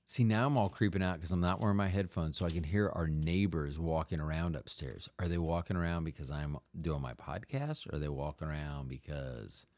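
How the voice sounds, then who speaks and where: A man's voice: a bass voice, brisk, few pauses, a little mellow, no room sound. A man hosting a solo podcast from home, rambling jokily and interrupting himself mid-sentence. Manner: rambling, self-interrupting, jokey. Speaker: podcast host. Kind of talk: casual comedic monologue. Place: home room.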